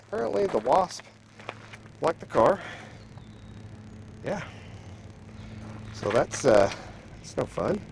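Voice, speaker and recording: A man's voice: fairly high pitch, creaky, a little mellow, a little hiss or hum, rough recording. A man out of breath, chatting casually to viewers while walking around a car outdoors and talking about his plans for it. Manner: rambling, plain-spoken, addresses viewers as guys. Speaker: car audio vlogger. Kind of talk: casual walkaround vlog.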